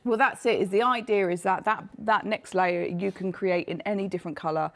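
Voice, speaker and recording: A woman with a hoarse, failing voice, chattily presenting her craft collection on a live shopping show. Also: medium pitch, steady tone, fairly quick. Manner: chatty, self-deprecating, laughs often. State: coughing, losing her voice.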